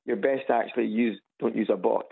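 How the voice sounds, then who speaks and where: A man from Edinburgh with a Scottish accent, calling in to a radio show and chatting in a halting way with many restarts. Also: fairly low pitch, steady tone, vocal fry, husky. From Scotland. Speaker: radio caller. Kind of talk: phone-in chat. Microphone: phone on loudspeaker. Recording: tinny phone line on radio.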